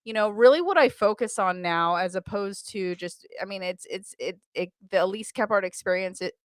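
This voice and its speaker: As a guest in a casual interview, an American automotive sales trainer chats with energy, laughing often and starting sentences over. Her mid-range voice moves at normal speed, in studio-quality audio with no room sound.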